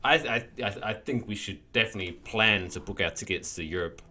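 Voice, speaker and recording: A man's voice: fairly low pitch, a little fast, a crowd in the background. A man co-hosting a podcast in casual chat, rambling and restarting his thoughts, swearing now and then. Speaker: podcast co-host.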